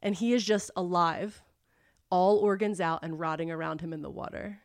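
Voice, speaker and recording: A woman co-hosting a podcast, retelling a book plot in an animated, profane way. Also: on the low side, moderate pace, no room sound, clean studio sound. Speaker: podcast co-host.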